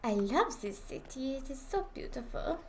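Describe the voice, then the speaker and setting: A woman's voice: sits high, big pitch swings, moderate pace, a little mellow, slight background noise. A woman putting on a playful mock French accent while shopping in a game. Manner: playful, theatrical.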